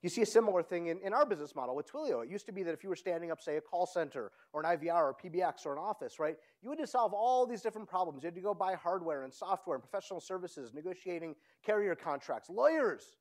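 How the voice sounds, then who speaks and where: High-voiced energetic man giving a keynote. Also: fast, few pauses. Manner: energetic, keeps checking in with the audience by asking "right?". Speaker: conference speaker. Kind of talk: keynote talk.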